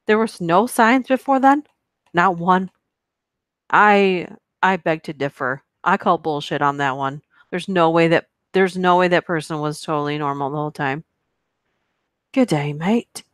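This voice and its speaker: A woman's voice: deep voice, lively intonation, moderate pace, no room sound, studio quality. A woman reading stories aloud on a live stream, breaking off for casual, chatty asides to her viewers. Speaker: YouTube horror story narrator.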